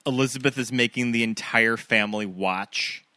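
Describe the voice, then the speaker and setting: A man co-hosting a podcast in casual chat, steady and musing, often asking questions. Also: medium pitch, moderate pace, no echo, clean studio sound. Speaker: podcast co-host.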